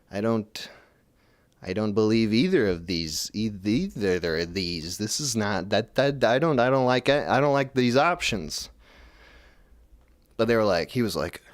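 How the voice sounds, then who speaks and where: Male host, comedic rambling monologue, profane, deadpan asides, mid pitch, dry sound. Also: dry recording. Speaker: call-in show host.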